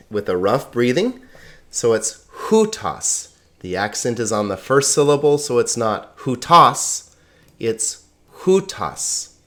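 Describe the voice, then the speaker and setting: A man teaching a lesson, speaking slowly and carefully, sounding out words syllable by syllable and checking in with the class. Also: on the low side. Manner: slow, deliberate, repeats words syllable by syllable; checks in with "okay?" and "right?". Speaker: Greek teacher.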